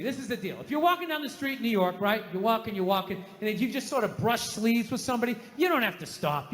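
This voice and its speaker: A man with a Boston accent doing a stand-up routine, telling a story with animated rants. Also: high-pitched, a little hiss or hum. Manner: animated storytelling, ranting, big put-on voices. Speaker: stand-up comedian. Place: large hall before a live audience. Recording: echoey hall from a stage.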